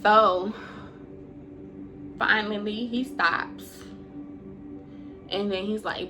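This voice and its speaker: A woman's voice: mid-range voice, steady tone, drawn-out words, over music. A woman telling a personal story in a storytime vlog, blunt and profane, emotional, breaking into laughs now and then.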